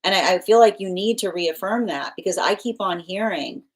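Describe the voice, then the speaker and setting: A woman's voice: mid-range voice, expressive, normal speed. A woman giving a live tarot reading, rambling and emphatic, with frequent restarts and repeated phrases. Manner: emphatic, insistent. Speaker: tarot reader.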